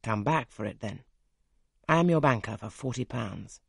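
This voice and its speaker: A man reading as a gruff, teasing gentleman. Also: medium pitch, expressive, normal speed, no room sound, clean studio sound, exaggerated voice. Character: brusque, teasing wealthy older gentleman. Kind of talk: audiobook character reading.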